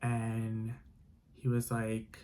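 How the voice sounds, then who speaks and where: A man's voice: on the low side, monotone, very slow, mellow. A young man retelling a dramatic personal story, emotional and full of "like" fillers. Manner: emotional, heavy use of "like" fillers.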